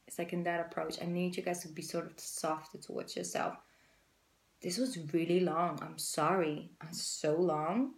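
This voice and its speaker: A woman's voice: fairly low pitch, level tone, moderate pace, gravelly, echoey room. A woman giving a casual tarot reading to her viewers, chatty and rambling, with the odd swear word. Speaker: tarot reader.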